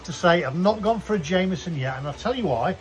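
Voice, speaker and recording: A man's voice: high-pitched, animated, quick pace. A man chatting casually to camera about his food, showy and enthusiastic. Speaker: vlogger. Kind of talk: casual food vlog chat.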